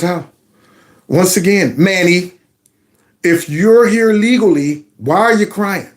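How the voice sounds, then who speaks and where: Mocking, high-voiced male commentator. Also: measured pace. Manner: mocking, sarcastic, talks back to played clips. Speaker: host of a political commentary channel. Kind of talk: livestream political commentary.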